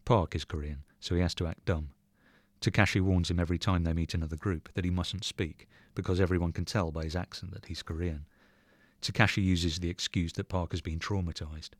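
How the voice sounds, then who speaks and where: A man reading a short story aloud in measured, even narration. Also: sits low, dry recording. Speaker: reader.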